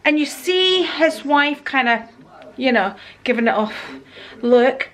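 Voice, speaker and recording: A woman's voice: high voice, animated, slow, fairly bright tone. A middle-aged woman chatting casually to camera at home in a rambling way, laughing often. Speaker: vlogger. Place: at home, indoors.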